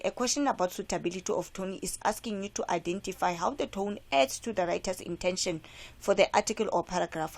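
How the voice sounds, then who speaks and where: A South African woman with a lowish, vocal-fry voice teaches an English class, walking students through how to answer comprehension questions in an exam. She checks in with them by asking "right?"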